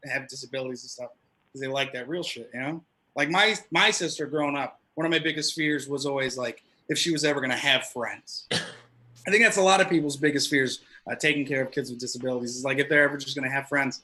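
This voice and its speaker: Bright-voiced man doing profane stand-up. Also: medium pitch, low-quality recording. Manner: loose, profane storytelling with acted-out quotes. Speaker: stand-up comedian. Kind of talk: stand-up comedy set.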